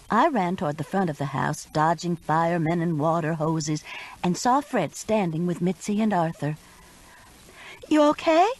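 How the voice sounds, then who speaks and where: A woman's voice: on the low side, darkish tone, poor audio. A woman narrating a first-person mystery audiobook with urgent expression.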